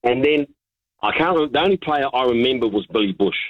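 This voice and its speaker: A man, calling in to a radio show and telling an animated anecdote full of restarts and chuckles. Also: medium pitch, fast talker, dry recording. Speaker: caller. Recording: dull, lo-fi line.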